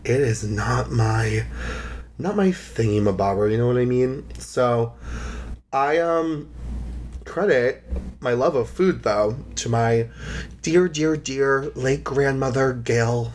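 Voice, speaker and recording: A young man talking on his own podcast, loose and rambling, full of "like" and side remarks. His voice sits at an ordinary middle pitch, and now and then he sounds close to tears. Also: slow pace, a little mellow, slight background noise. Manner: chatty, rambling, heavy use of "like". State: emotional, near tears. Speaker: podcast host. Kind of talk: casual solo podcast chat.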